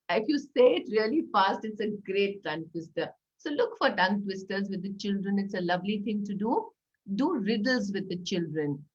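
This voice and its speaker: A middle-aged woman with an Indian English accent, an educator explaining early reading activities to parents, enthusiastic, slowing down to model words. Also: mid-range voice, expressive, muffled recording. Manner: warm, enthusiastic, slows down to model words and sentences. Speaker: early-years educator and author. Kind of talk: talk for parents.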